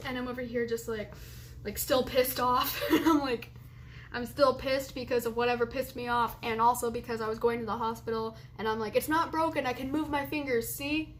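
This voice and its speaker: A woman's voice: fairly high pitch, flat delivery, brisk, slight background noise. A woman in her late teens talking in a casual confessional vlog, rambling and chatty, laughing often between remarks. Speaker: vlogger.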